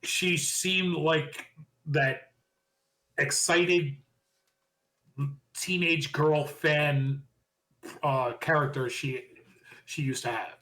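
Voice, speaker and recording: A man co-hosting a podcast, casually recapping wrestling shows with animated opinions. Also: on the high side, rough recording. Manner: animated, quick recapping with impressions of quotes. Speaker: podcast co-host.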